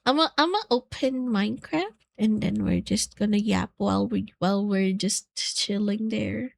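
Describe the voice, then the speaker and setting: A young woman streams and chats casually with friends, giggling, squealing and gushing with excitement. Her voice is medium in pitch and gravelly, at a moderate pace, in a dry recording.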